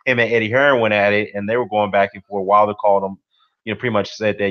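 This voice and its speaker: A boxing YouTube host talks fast in a lowish, flat voice during casual commentary on a live stream. He rambles with lots of "you know" and "man" while greeting viewers in the chat, and the sound is dull and lo-fi.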